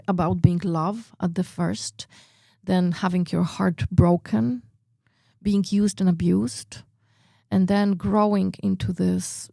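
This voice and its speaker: In a clean studio recording without room sound, a woman with a lowish, gravelly voice recounts personal stories during an interview. She is a radio guest and performer from Poland, a native Polish speaker, animated and full of "like" fillers as she acts out how she reacted.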